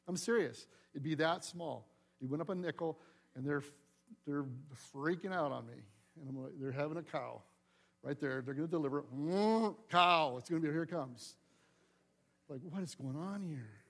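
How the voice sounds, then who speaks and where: High-voiced, animated male pastor preaching. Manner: animated preaching, swings from loud emphasis to soft asides. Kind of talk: sermon.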